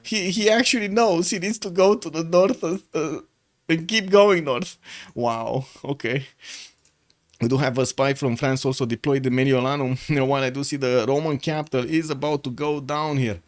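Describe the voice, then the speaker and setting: A man's voice: on the high side, normal speed. A man giving live-stream commentary on a strategy game, chatty and playful, laughing often and talking to his chat from indoors.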